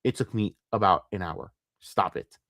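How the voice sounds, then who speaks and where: A man's voice: low voice, normal speed, fairly bright tone, no room sound, clean studio sound. A man ranting profanely and with exasperation on his commentary stream.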